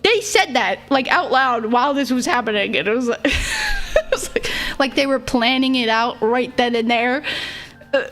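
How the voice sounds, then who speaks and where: Her pitch swooping wildly, a young woman VTuber speaks at a moderate pace in a high-pitched, fairly bright voice, with slight background noise. She recounts a story to her live chat casually and ramblingly, giggling often, laughing between phrases, and joking about herself in a playful way.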